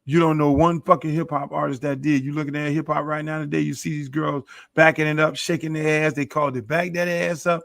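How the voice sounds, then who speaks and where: Gravelly middle-aged man preaching profanely. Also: fairly high pitch, flat delivery, fast, few pauses, a bit bright, dry recording. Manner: preachy, boastful, heavy swearing. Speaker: podcast host. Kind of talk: profane monologue.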